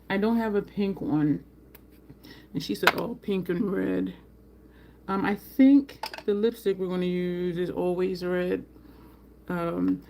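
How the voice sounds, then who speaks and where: A woman hosting a casual makeup livestream, chatting with viewers by name and jumping up in pitch when she gets excited. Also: a little hiss or hum.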